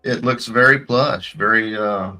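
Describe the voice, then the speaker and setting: A man's voice: fairly low pitch, measured pace, bright, forceful tone, soft background music. A man co-hosting a casual political commentary show over a video call, laid-back and hesitant with many fillers. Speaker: co-host.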